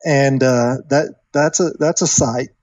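Man, 30s, chatty animated podcast storyteller, dry dull mic. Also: mid-range voice, a little slow, dry recording. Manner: animated storyteller, acts out quoted voices, many fillers. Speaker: podcast guest. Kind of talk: casual storytelling.

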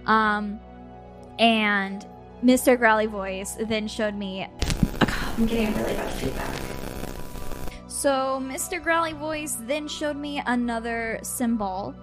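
A woman podcast host telling a story casually over a video call, animated, laughing and swearing as she goes. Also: fairly high pitch, slow pace, faint music behind.

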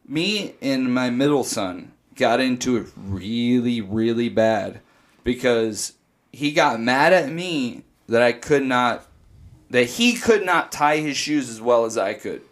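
A man in his thirties co-hosting a casual podcast, telling stories in an animated, profane way. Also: medium pitch, slow pace. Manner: animated storytelling, swears freely. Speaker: podcast co-host.

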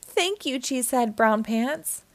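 A woman's voice: sits high, expressive, slow, no echo, voice pushed up, full character voice. A woman voicing a grateful male fish mayor in a cartoon storybook, speaking formally.

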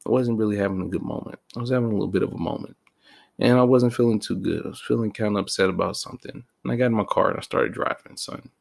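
A man's voice: lowish voice, fast talker, vocal fry, darkish tone. A man talking in a slang-heavy, rambling and self-mocking casual monologue as a podcast host.

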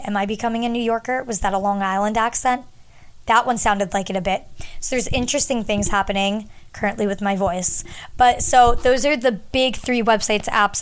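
A woman's voice: mid-range voice, clear, resonant tone. A young woman talking casually to her audience, sharing travel tips in a chatty, rambling way with lots of fillers. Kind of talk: casual advice talk.

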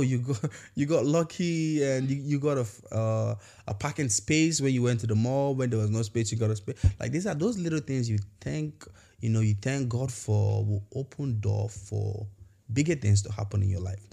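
A man's voice: mid-range voice, gravelly, mellow. A man hosting a podcast episode, giving a casual motivational talk and telling a story, talking conversationally with many fillers and restarts. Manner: acts out quoted voices in storytelling. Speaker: podcast host.

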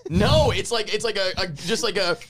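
A man chatting casually on a podcast, quick and joking, swearing freely. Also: high voice, a bit bright. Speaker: podcast guest. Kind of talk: casual banter.

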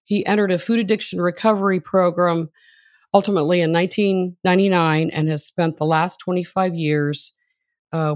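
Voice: medium pitch, no echo. A podcast host introducing a guest and asking questions in a chatty, admiring, conversational way.

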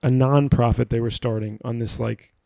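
A man's voice: medium pitch, fairly even intonation, moderate pace, creaky, mellow, no echo. A man guesting on a podcast, telling rambling stories in casual chat and laughing at his own jokes.

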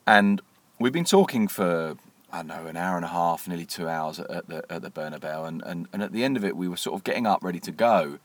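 Deep voiced guy rattling off a story quick, stumbles and restarts a lot. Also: dry recording. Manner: animated storyteller, repeats words when starting. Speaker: podcast co-host and author. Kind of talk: casual podcast chat.

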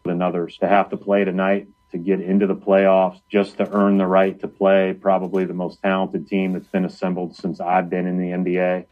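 A man gives press-conference remarks as a basketball coach, keeping his statements measured. His voice is very deep and almost completely flat. The clip sounds dull and lo-fi.

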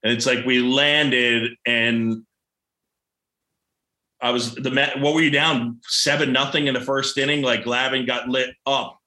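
A man's voice: medium pitch, steady tone, measured pace, sharp tone, reverberant. A man co-hosting a casual chat, talking in a chatty way and recalling games in detail.

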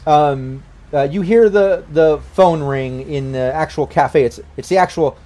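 Male GM, laid-back rambling narration, voice slightly high. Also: unhurried, warm tone. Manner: casual, rambling with fillers. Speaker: game master. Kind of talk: narrating a tabletop game.

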